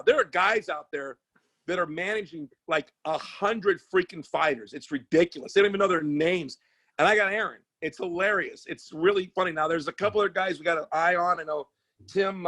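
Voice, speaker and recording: A man who works as a sports agent and comedian, telling stories in casual chat, animated and profane, with many restarts. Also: a little high, dry recording.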